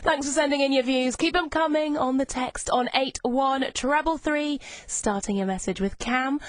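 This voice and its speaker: A young woman hosts a lunchtime radio chat show from the studio, bubbly and chatty as she reads listener messages aloud. Her voice is high, her pace moderate, and the studio-mic recording is dry.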